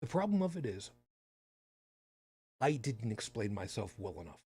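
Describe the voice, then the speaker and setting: A man's voice: fairly low pitch, big pitch swings, moderate pace, mellow, slightly rough, no room sound. A man hosting a podcast in casual chat, talking with sarcastic, rambling asides. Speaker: podcast host.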